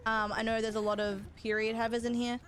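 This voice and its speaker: A woman's voice: on the high side, little pitch movement, a little fast, a bit bright. A young woman, chatting casually with her chat while gaming, rambling and swearing freely. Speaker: streamer.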